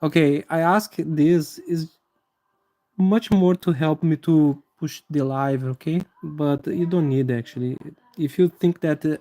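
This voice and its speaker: Mellow-voiced man teaching live anatomy drawing. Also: on the high side. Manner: halting, many fillers and restarts, friendly to viewers. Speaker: anatomy drawing livestream host. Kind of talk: live drawing tutorial with chat greetings.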